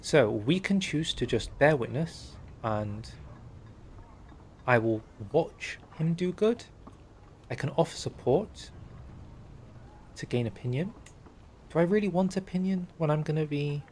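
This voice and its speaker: A man's voice: on the high side, expressive, a little slow, long pauses, darkish tone, slight background noise. A young man streaming and talking over a strategy game, chatty and wry, reading in-game text aloud. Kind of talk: game livestream commentary.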